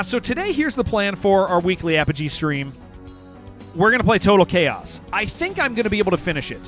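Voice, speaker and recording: A man streaming games and chatting casually with viewers, excitable and rambling, saying "man" and "dude" all the time. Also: sits high. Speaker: game streamer. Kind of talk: casual livestream chat with viewers.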